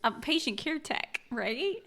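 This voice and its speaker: A woman co-hosting a podcast, chiming in with quick questions and laughs in casual chat. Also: sits high, lively intonation, sharp tone. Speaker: podcast co-host.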